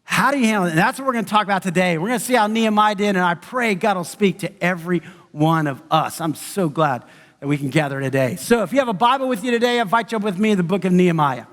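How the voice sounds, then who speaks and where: A man's voice: high voice, lively intonation, fast, a bit bright. A man preaching a conversational sermon as pastor, who acts out the voices of the people he quotes. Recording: church sanctuary with long reverb.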